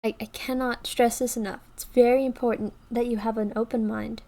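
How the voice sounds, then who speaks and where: A woman's voice: a little high, flat delivery, brisk, warm tone. A woman YouTube creator giving casual, earnest advice to her viewers, often checking in with "okay" and "right" and restarting her sentences. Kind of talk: casual advice talk to camera.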